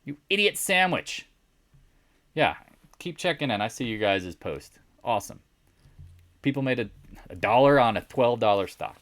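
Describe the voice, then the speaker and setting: Animated sarcastic man recapping the markets. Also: fairly low pitch, normal speed, dry recording. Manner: sarcastic, mocks imagined viewers in put-on voices. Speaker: stock market video host. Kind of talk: casual market recap monologue.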